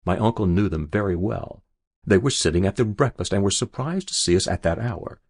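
Male audiobook narrator, low, gravelly, husky, dry close read, measured storytelling. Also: animated, darkish tone, dry recording. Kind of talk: scripted literary narration.

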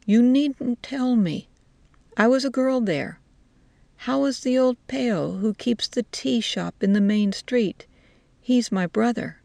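A woman's voice: on the high side, slow, vocal fry, dark tone, no room sound, pitched above the performer's own voice. A woman doing a puzzled old village woman. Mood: eager. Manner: mild, puzzled, plainspoken.

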